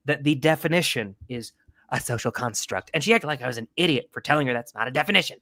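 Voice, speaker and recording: Blunt, bright-voiced young man cohost. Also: mid-range voice, lively intonation, fast, no echo, clean studio sound. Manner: blunt, profane and indignant. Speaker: podcast co-host. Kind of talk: casual chat.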